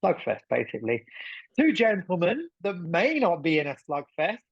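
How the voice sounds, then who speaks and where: A man's voice: high voice, huge pitch swings, moderate pace, vocal fry, breathy edge, no room sound. A man co-hosting a podcast in casual chat, chatty and thinking aloud with plenty of fillers. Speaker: podcast co-host. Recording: dull lo-fi sound.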